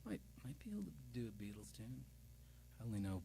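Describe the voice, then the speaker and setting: A man's voice: medium pitch, big pitch swings, a little fast, vocal fry, mellow, a little hiss or hum. A man hosting a casual music live stream, chatting loosely and playfully as he reads out viewer comments. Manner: rambling and playful, reading viewer comments aloud; loose and self-deprecating, with many restarts.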